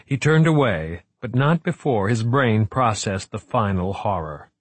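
A man reading a suspense novel aloud in a measured, steady narrating voice. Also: fairly low pitch, husky, dry recording. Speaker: audiobook narrator. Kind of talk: scripted narration.

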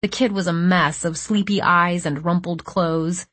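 A woman reading first-person fiction aloud, with tense and measured storytelling. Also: lowish voice, steady tone, a bit bright, dry recording. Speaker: audiobook narrator.

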